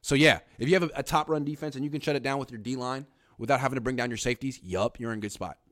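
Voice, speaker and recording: A man hosts a laid-back sports talk show, cutting and sarcastic in his takes. His voice sits at an ordinary middle pitch. The sound is dry and close, with no room around it. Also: racing, fairly bright tone, no echo. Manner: blunt, sarcastic, reads viewer comments aloud. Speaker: podcast host.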